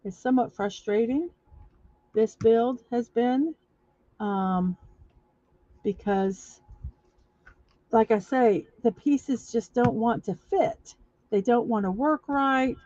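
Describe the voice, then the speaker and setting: A woman hosting a casual livestream, talking viewers through a building-block project step by step, halting often with fillers and restarts. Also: fairly high pitch, mellow, dry recording. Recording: dull lo-fi recording.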